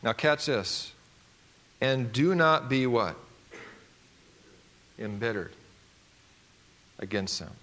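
A male pastor preaching a sermon, emphatic and swinging from loud declarations to hushed, quiet points. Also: medium pitch, animated, slow pace, long pauses.

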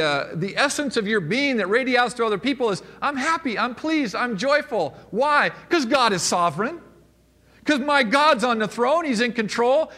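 A man preaching a sermon to his congregation, his voice high and bright. He swings between loud exclamations and hushed asides. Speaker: pastor. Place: church.

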